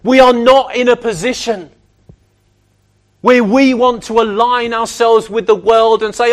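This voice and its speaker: A man preaching a sermon, emphatic and animated, often acting out the voices of other people. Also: very high voice, measured pace.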